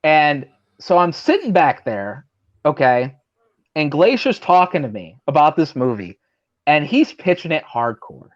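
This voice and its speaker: Lo-fi sound carries a very animated man with a high-leaning voice and a measured pace. As a pro wrestler guesting on a talk show, he delivers a wandering, cuss-heavy story stuffed with fillers, performing the voices of those he quotes as if chatting over drinks.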